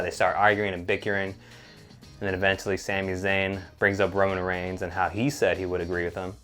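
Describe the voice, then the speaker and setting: A man's voice: low-pitched, level tone, a little fast, a bit bright, faint music behind. A man co-hosting a casual recap chat, laid-back with chuckling asides. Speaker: podcast co-host.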